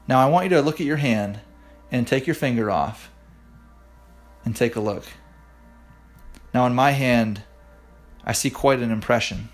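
A man's voice: mid-range voice, vocal fry. A man preaching a devotional podcast sermon, earnestly guiding listeners through a hands-on exercise, often restarting his words. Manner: frequent restarts and repeated words. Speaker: pastor. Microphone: podcast microphone.

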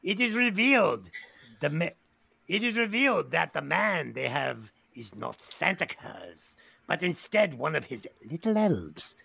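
A man's voice: fairly high pitch, big pitch swings, a little slow, creaky, bright, forceful tone, breathy edge. A man hosting a casual movie review podcast, reading a plot summary aloud with slips and swearing jokes. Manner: profane, jokey, reads summary aloud with slips.

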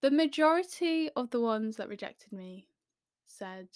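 A woman's voice: a little high, expressive, darkish tone, clean tone, no room sound. Chatty young woman, dry close sound. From English Midlands. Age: young adult. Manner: chatty, self-deprecating, quick asides and quoted inner thoughts. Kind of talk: casual storytelling to camera.

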